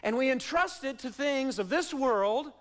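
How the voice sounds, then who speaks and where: A male pastor preaching a sermon in a church, using repeated questions and refrains and swinging between soft and loud delivery. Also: extremely high pitch, animated, measured pace. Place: church sanctuary.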